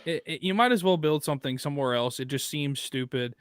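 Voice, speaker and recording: A man with a slight Northeastern US accent co-hosts a casual sports podcast. He talks in a crisp, smooth voice and rants with mounting heat. The sound is dry and close. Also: fairly high pitch, fast, a bit bright, no echo. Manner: ranting, gets fired up. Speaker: podcast co-host.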